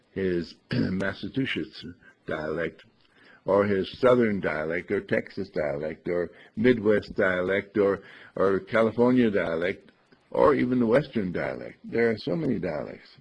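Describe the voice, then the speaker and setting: A man giving an earnest, deliberate lesson on speaking clearly. He often clears his throat and restarts his phrases. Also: lowish voice. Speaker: speech teacher. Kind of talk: instructive talk on clear speech. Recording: dull lo-fi recording.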